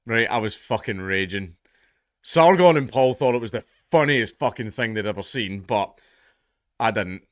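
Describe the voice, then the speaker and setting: A man's voice: on the low side, animated, moderate pace, no echo, clean studio sound. A man in his thirties with a Scottish accent, ranting sardonically through casual commentary and swearing freely.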